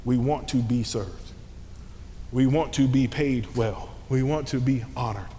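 A man preaching a sermon, moving from hushed near-whispers to shouts, with slangy conversational asides. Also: measured pace. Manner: dynamic, swings from hushed to shouting. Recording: long hall reverb, faint rumble.

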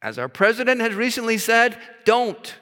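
A man's voice: very high-pitched, sing-song, normal speed, pushed and bright, smooth. A man preaching a sermon, reading scripture aloud and stopping to stress words with his own asides. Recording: long hall reverb.

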